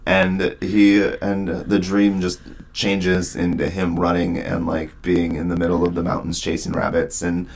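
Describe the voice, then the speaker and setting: A man co-hosting a casual book discussion, retelling scenes in a relaxed, rambling way with lots of filler words. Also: sits low, a little slow, gravelly, slight background noise. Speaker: podcast co-host.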